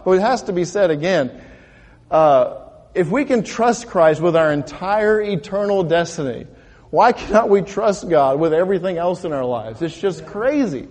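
A man's voice: fairly high pitch, darkish tone. A male pastor preaching a sermon in a conversational way, asking the congregation rhetorical questions and often repeating words as he builds a point. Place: church sanctuary. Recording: long reverb of a church hall.

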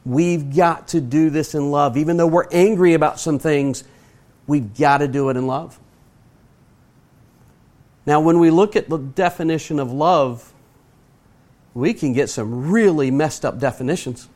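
Middle-aged male preacher, sermon delivery, earnest and emphatic, slightly raised pitch. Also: darkish tone. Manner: earnest, emphatic, speaks slowly to stress points; asks the audience direct questions.

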